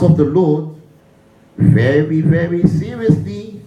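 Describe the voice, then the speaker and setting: A man's voice: on the high side, expressive, normal speed, warm tone, reverberant, rough recording. A male pastor preaching a sermon, leading the congregation in call-and-response and repeating his phrases.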